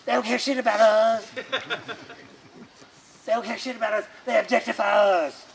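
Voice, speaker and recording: A man's voice: high voice, fairly even intonation, quick pace, gravelly, slight background noise, voice pushed up. A man voicing a group of complaining flowers, indignant and slangy with crude language.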